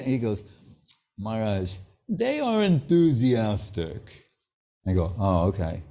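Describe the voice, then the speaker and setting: A man with a warm, mid-range voice gives a sermon built on anecdotes as a spiritual teacher. He tells stories and voices the dialogue of the people in them.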